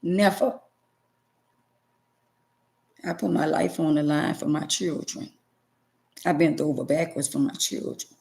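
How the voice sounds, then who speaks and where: A woman's voice: low voice, a little slow, vocal fry, long pauses, darkish tone. A middle-aged woman vlogger giving an emotional personal testimony to her viewers, emphatic and preachy, repeating phrases for stress.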